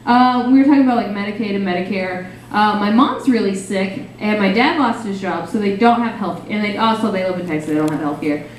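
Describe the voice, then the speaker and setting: A woman's voice: mid-range voice, a little fast, hardly any pauses, distant mic, slight background noise. A young woman doing a stand-up set in a small cafe, rambling and self-deprecating, full of fillers. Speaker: stand-up comedian. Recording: very echoey room, faint ambience.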